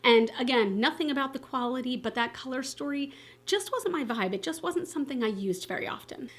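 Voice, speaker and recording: A woman beauty vlogger chatting casually to camera, expressive and candid, with lots of fillers and self-corrections. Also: high-pitched, a little fast. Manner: enthusiastic and candid, swearing casually. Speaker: beauty YouTuber. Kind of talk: casual vlog chat to camera.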